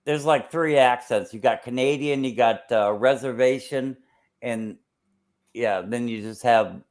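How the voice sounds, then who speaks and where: A man's voice: medium pitch, measured pace, darkish tone. A man hosting a casual chat, rambling and searching aloud for words.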